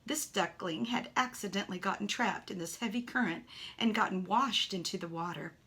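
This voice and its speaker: Woman narrator for a kids' storybook, animated delivery with hushed asides. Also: medium pitch, moderate pace. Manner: animated, with soft whispered asides. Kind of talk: children's story reading.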